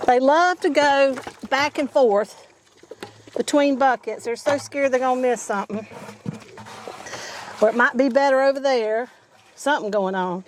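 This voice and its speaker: A homesteading woman talks to her viewers in a relaxed, folksy way. Her voice sits a little high. A faint hiss runs under the recording. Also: a little slow. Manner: folksy and chatty, addresses viewers as y'all. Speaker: homesteading vlogger. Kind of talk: casual chat to camera. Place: outdoors on a homestead.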